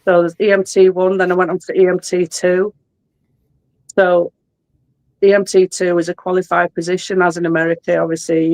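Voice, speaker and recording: A woman's voice: fairly low pitch, darkish tone, no room sound, poor audio. A woman in her forties with a Yorkshire English accent, an ambulance worker chatting as an interview guest, explaining things with frequent restarts. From Yorkshire, England. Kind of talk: casual interview talk.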